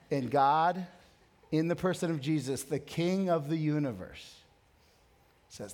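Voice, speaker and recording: A man preaching a sermon as a pastor, earnest and emphatic, dropping to a soft, hushed voice in prayer. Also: a little high, expressive, measured pace, pauses often.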